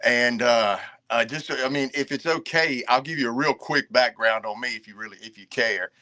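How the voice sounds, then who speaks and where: Middle-aged man, Southern Virginia drawl, folksy and chuckling, bright tone. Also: medium pitch, moderate pace. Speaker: guest caller. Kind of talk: casual podcast chat.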